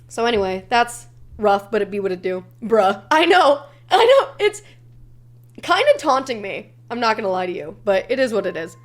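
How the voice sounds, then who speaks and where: A young woman streamer chatting casually and telling stories, swearing freely and animated. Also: sits high. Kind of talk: casual live-stream chat.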